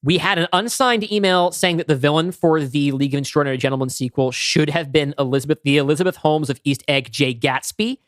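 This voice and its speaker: A man's voice: fairly high pitch, fast, few pauses, no room sound, studio quality. A young man co-hosting a podcast, reading listener mail in a casual, chatty way. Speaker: podcast co-host.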